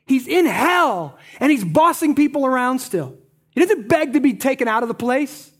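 A pastor preaching a sermon, moving between emphatic points and low, quiet stresses. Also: big pitch swings, normal speed.

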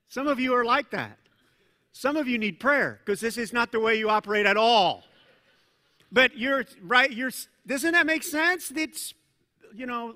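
A male pastor preaching a sermon in a conversational, animated way, with asides and self-corrections. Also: very high voice. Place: church sanctuary. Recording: long reverb of a large church hall.

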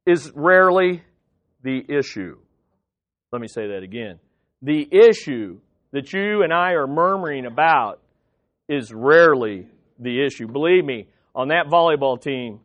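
An American man preaching a sermon, reading scripture slowly and deliberately, then swinging between loud emphasis and hushed asides. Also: a little high, dry recording. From United States. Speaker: pastor.

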